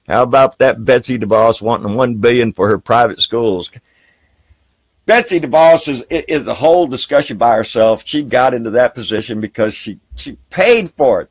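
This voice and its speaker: A man hosting a live political talk show outdoors by a river, ranting heatedly and with plenty of profanity, then brightening to greet viewers by name. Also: mid-range voice, normal speed, dry recording. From Texas. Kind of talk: live political rant and viewer shout-outs.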